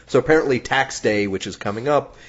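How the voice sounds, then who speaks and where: A man's voice: mid-range voice, a little fast. A man co-hosting a podcast, explaining a news item in chatty, rambling casual talk. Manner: chatty, explains at length with fillers. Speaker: podcast co-host. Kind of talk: casual chat. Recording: dull lo-fi podcast audio.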